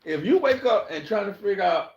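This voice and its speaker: A man's voice: high-pitched, animated, a little fast, roomy sound, highs cut off. A man hosting his own podcast, talking bluntly and profanely as he gives life advice in a rambling monologue that often repeats itself. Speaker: podcast host.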